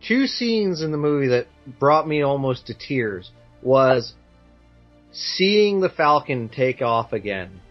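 A man's voice: medium pitch, big pitch swings, dull audio, faint music behind. Enthusiastic man chatting on a podcast. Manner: enthusiastic, halting with restarts. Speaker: podcast co-host. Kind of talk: casual chat.

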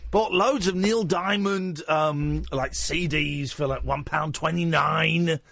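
A man hosting a late-night radio show, chatting in a rambling, self-mocking way that slips into a squeaky put-on voice. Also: takes it slowly, creaky, fairly bright tone, dry recording.

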